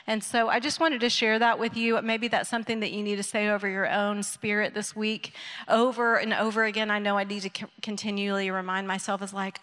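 A woman in her thirties sharing a personal faith testimony with a church group, soft-spoken and heartfelt, with frequent pauses and ums. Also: fairly high pitch, steady tone. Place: church gathering hall. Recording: echoey hall with long reverb.

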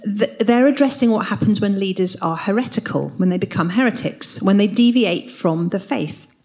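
A woman's voice: mid-range voice, moderate pace, a little mellow. A woman teaching the Bible in an earnest, explanatory way. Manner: earnest, explanatory, reads scripture aloud.

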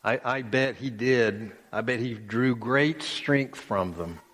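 Man, pastor, sermon, slow emphatic delivery, echoing church hall. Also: medium pitch, fairly bright tone. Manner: slow and emphatic, with many pauses and repeated phrases. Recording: long reverb of a church hall.

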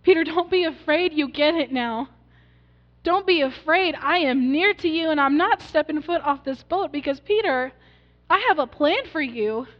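A woman voicing a gentle, reassuring male teacher who speaks with a smile. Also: very high-pitched, moderate pace. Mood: smiling, reassuring. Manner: warm, encouraging, smiling. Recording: dull recording in a reverberant hall.

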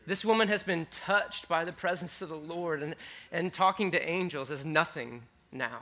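High, bright-voiced preacher man. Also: normal speed. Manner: conversational, animated, swinging between hushed and excited. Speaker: pastor. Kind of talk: sermon.

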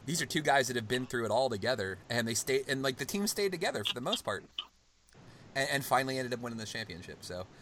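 Bright-voiced excitable male podcast host. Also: mid-range voice, fast talker, slight background noise. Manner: long-winded, emotional, swings from excited to hushed. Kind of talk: casual podcast chat.

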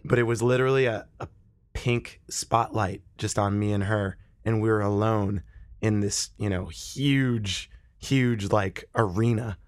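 A man's voice: on the low side, measured pace, no room sound, studio quality. A man casually telling a wild story, swearing freely and acting out the people in it. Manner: profane, animated, acts out the people in his stories.

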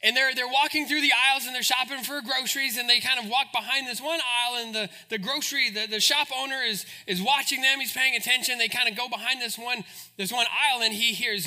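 A pastor preaching a sermon in an animated, joking, storytelling way. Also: male voice, very high-pitched, quick pace.

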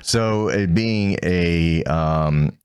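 A man's voice: deep voice, drawn-out words, a little mellow, clean tone. A man co-hosting a podcast in casual chat, with a laid-back way of talking. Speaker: podcast co-host.

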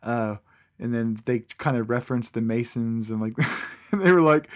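Easygoing male co-host, mid-pitched, relaxed casual chat. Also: normal speed. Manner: easygoing, laughs often. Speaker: podcast co-host.

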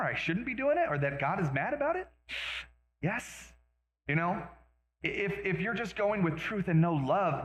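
A male pastor preaching a sermon in a conversational way, with quick asides and self-deprecating jokes. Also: on the high side, echoey room, rough recording.

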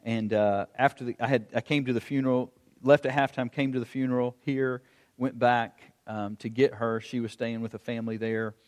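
A middle-aged man preaching a sermon, telling stories in an animated way and acting out the calls of a coach. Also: mid-range voice, moderate pace. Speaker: pastor. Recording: long hall reverb.

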